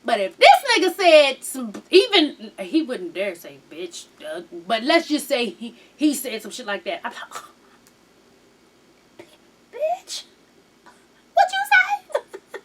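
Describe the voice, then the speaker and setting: A high-voiced woman, her pitch swinging widely as she chats. She recaps a reality show casually and with plenty of swearing, acting out the lines of the people she talks about. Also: moderate pace, few pauses, breathy edge. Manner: animated and profane, mimics people in quotes.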